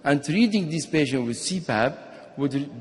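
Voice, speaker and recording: Male physician at a conference lectern, slightly higher voice, long hall reverb, steady explainer. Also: normal speed. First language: Arabic. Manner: explanatory, steady, sometimes restarts and repeats words. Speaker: physician giving a conference talk. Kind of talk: medical conference lecture. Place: lecture hall.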